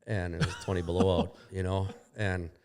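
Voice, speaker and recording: This man's low voice is smooth and darkish, with little pitch movement and a normal speaking speed. As a podcast guest in a shop, he casually tells a long story about a crash. It's profane and meandering, with the quoted dialogue performed.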